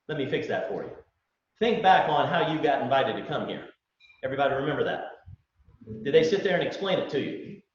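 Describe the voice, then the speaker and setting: A slightly high-voiced man works a live crowd with a folksy sales pitch, throwing out rhetorical questions and playing both sides of little scenes. He is heard from a distance in a very echoey hall, and the recording is dull and lo-fi. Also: very animated, brisk, long pauses, slight background noise. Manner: folksy, acts out dialogues, fires rhetorical questions. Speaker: business owner presenting to recruits. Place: large event room with live audience.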